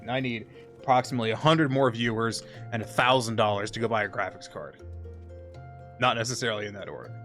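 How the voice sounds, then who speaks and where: A young adult man streaming from a home setup, chatting casually and telling stories with lots of swearing and sudden excited bursts, with faint music behind him. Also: fairly low pitch, fast talker. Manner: profane, animated storytelling with bursts of excitement. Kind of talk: casual gaming stream chat.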